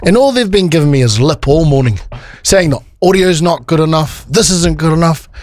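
A man hosting a radio show, telling stories in animated, casual banter and breaking into laughter. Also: on the high side, fairly quick. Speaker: radio host.

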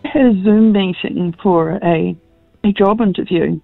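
A woman's voice: mid-range voice, measured pace, gravelly, no room sound. A woman calls in to a radio show and tells her story sheepishly, stopping and restarting as she goes. Her voice arrives over a dull, lo-fi phone line that sounds dry and close, with faint music underneath. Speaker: caller. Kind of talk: on-air call-in confession.

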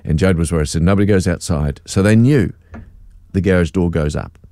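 A middle-aged man co-hosting a radio show, telling a story in an animated, self-mocking way and laughing along. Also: sits low, brisk, no echo. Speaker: radio co-host. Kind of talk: casual on-air storytelling.

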